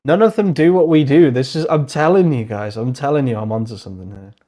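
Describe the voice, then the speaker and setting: A young man hosting a casual livestream, thinking aloud as he browses, excitable, laughing often and muttering asides to himself. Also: mid-range voice, fast. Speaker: host.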